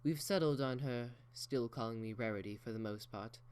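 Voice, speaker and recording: A man's voice: medium pitch, normal speed, darkish tone, clear, resonant tone, natural voice. A man voicing an elegant, proper unicorn mare who speaks in a genteel, theatrical way. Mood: breezy.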